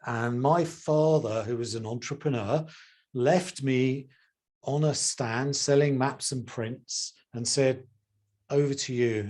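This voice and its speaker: A man's voice: on the high side, darkish tone. A man, a charisma coach and former actor, talking expressively as a guest on a video call from home. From England. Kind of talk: casual interview chat.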